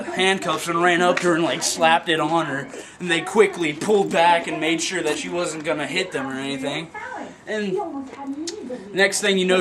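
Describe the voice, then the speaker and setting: A man telling a comic story with lots of swearing, dropping to mutters and then jumping into loud yelps, laughing as he goes. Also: sits high. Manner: profane, animated, swings between mutters and yelps.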